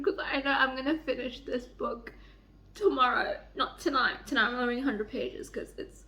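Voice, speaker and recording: At home beside a heater, a young adult book vlogger reads quotes from a romance novel in a casual reading vlog. Her voice sits high and moves fairly quickly, and she's excitable, gushing over the characters and swearing a lot.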